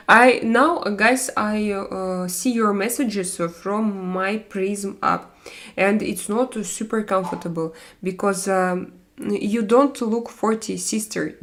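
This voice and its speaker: A woman in her forties with a Russian accent hosts a casual live stream in her second language. She chats with viewers in halting English, full of fillers and restarts, with a mid-range voice. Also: mid-range voice. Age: 40s. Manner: halting, many fillers and restarts, non-native grammar.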